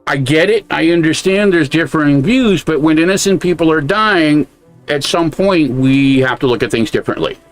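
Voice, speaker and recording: A man's voice: fairly high pitch, normal speed, soft background music. An American man co-hosting a podcast, giving blunt, casual commentary with a lot of swearing. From United States. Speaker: podcast co-host.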